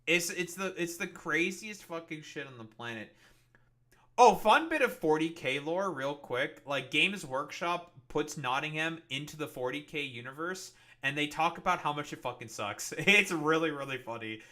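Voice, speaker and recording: A man's voice: fairly high pitch, lively intonation, pushed and bright. A man streaming, reacting to a video in rambling, profane, sarcastic casual commentary. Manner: halting, with many fillers and restarts.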